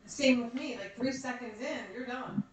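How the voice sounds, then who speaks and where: A woman's voice: a little high, normal speed. A woman chiming into a podcast, teasing her partner in casual chat. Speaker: co-host's partner, guest.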